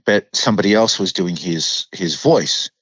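A man with a low voice and a mid-Atlantic accent that blends British and American, talking as a podcast guest. He tells his stories in an animated, unfiltered way. The sound is dry and a little dull, like a remote call. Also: normal speed, breathy edge, no room sound. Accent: mixed British and American, mid-Atlantic. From United Kingdom. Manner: animated storyteller, swears freely, acts out quoted voices. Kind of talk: casual interview chat.

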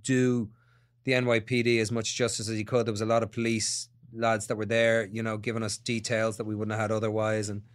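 Reflective Irish man, lowish voice. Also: completely flat delivery, a little fast. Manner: reflective, searching for words. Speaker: guest actor. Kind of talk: casual podcast interview.

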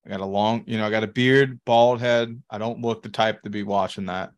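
A man's voice: lowish voice, steady tone, fairly quick. A man, co-hosting a podcast in casual, profane chat and telling rambling stories with laughs. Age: 30s. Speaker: podcast co-host.

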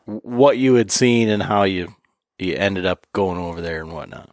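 A man's voice: fairly low pitch, normal speed, dry recording, studio quality. A man hosting a casual hunting podcast, telling stories and acting out quotes. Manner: animated storyteller, acts out quotes with laughs. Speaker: podcast host. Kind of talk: casual chat.

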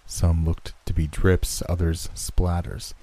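Deep-voiced man narrating horror. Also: flat delivery, warm tone. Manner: measured, dramatic storytelling.

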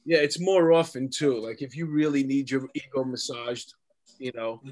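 A man's voice: medium pitch, normal speed, darkish tone. A man with a New York accent hosting a casual chat, loose and joking and drifting into fillers as he reads out listener comments. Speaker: podcast host.

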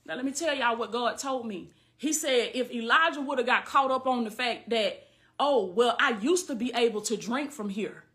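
A woman's voice: on the high side, moderate pace, bright, forceful tone. A woman preaching fervently, with repeated refrains. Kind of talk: sermon-style online message.

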